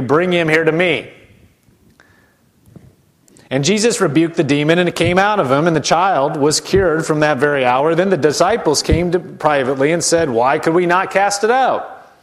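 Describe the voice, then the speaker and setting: A man preaching a sermon in a conversational way, slowing down to stretch key words and dropping into hushed voices to mimic doubters. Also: on the high side.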